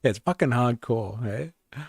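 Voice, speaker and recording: A man's voice: medium pitch, lively intonation, a little slow, vocal fry, darkish tone, breathy edge, no room sound, studio quality. A man, hosting a livestream and joking his way through a documentary, swearing casually. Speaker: livestream host reacting to a documentary. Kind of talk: casual reaction commentary.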